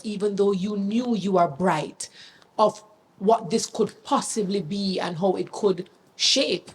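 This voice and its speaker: A Jamaican woman hosts a podcast conversation, her voice slightly husky and breathy. She asks gentle, searching questions at a conversational pace, drawing her guest out. Her tone is soft. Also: medium pitch. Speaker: podcast host. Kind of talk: conversational interview.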